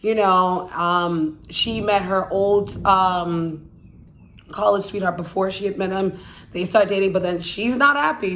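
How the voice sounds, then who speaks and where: A woman's voice: medium pitch, measured pace, fairly bright tone, a little hiss or hum. A woman hosting her own channel, casually recapping a film's plot in a rambling way, full of "like" and "you know," and swearing bluntly. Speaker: YouTube channel host.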